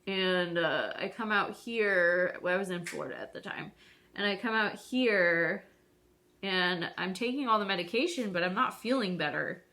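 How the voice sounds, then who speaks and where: A woman's voice: medium pitch, moderate pace, sharp tone, a little hiss or hum. A woman vlogger chatting casually to viewers while doing her makeup, rambling and self-deprecating.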